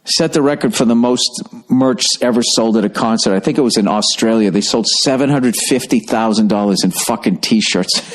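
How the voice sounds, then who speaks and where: A man's voice: fairly low pitch, moderate pace, hardly any pauses. Profane rambling middle-aged man. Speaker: podcast host. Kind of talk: casual podcast monologue.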